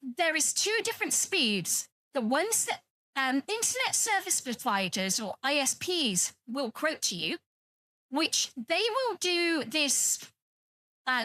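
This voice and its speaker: A woman's voice: sits high, bright, forceful tone, no echo. A British woman streaming, chatting casually and rambling to her viewers, teasing them and swearing freely. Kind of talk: casual livestream chat with viewers.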